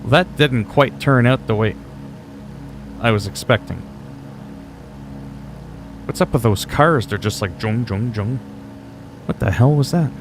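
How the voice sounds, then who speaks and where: A man's voice: medium pitch, lively intonation, a little slow, long pauses, music in the background. A man streaming a game live, chatting casually as he plays, answering his chat with wry asides and the odd curse. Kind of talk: casual live gameplay commentary.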